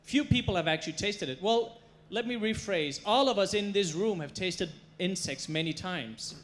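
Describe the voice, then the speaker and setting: Guy doing a stage talk, kinda high voice, tells stories with lots of punch and humor. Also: normal speed, fairly bright tone. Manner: storytelling, emphatic, playful. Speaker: chef giving a stage talk. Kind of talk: stage presentation. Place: stage before a live audience.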